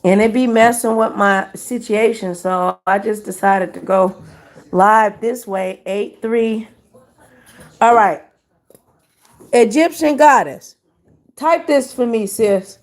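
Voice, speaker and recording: A woman hosting a casual live stream, chatting with her viewers as "y'all" and reading numbers out slowly. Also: mid-range voice.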